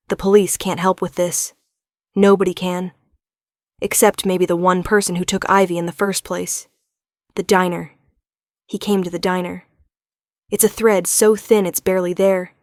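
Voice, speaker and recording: A woman narrating a scripted romance story in a measured, dramatic storytelling style, recorded on a close mic. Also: lowish voice, darkish tone, dry recording.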